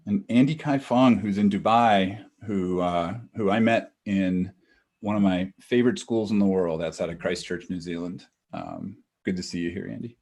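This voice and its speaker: A relaxed middle-aged man welcomes people by name before a webinar starts. His voice sits low and a little husky, heard over a video call. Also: normal speed. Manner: relaxed, chatty, greets attendees by name. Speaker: webinar co-host. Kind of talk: casual greetings before a webinar.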